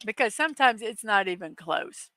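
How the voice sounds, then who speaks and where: A woman's voice: medium pitch, lively intonation, moderate pace, pushed and bright, no echo. A middle-aged woman hosting a daily morning show, chatting casually with many fillers and reading viewer comments aloud. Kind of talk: casual live-stream chat.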